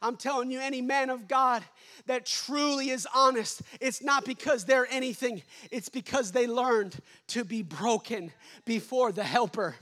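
A man preaching a sermon as pastor, building to shouts and dropping to hushed endings. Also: very high voice, unhurried.

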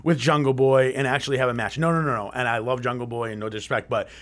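A man in casual podcast chat about wrestling, excitable and enthusiastic. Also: mid-range voice, fast.

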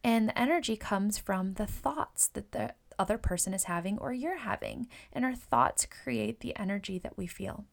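A woman's voice: medium pitch, expressive, moderate pace, creaky, hardly any pauses. A woman who works as a hairstylist and Reiki practitioner, casually coaching fellow stylists and acting out client chats. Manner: chatty, often acts out client conversations; repeats words and uses fillers.

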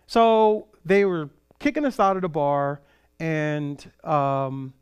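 A middle-aged man preaches from California roots, telling a story and acting out the voices of the people in it. His voice sits a little high. He shifts between a lively telling and a quieter, prayerful delivery. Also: takes it slowly, smooth. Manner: animated storyteller, acts out quoted voices. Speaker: pastor. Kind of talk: sermon storytelling.

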